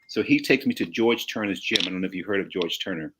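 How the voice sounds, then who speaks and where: A man in his sixties from St. Louis tells anecdotes in a fairly low voice. He wanders, restarts his sentences and chuckles as he goes. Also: fast talker, noisy background. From St. Louis, USA. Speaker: guest. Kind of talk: casual storytelling.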